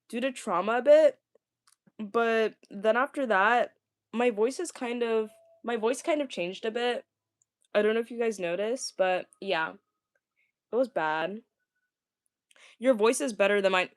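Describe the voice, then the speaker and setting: A young woman talking casually, ranting to viewers, stammering and repeating words, with a fairly deep voice for a woman. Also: no echo, clean studio sound. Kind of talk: casual rant.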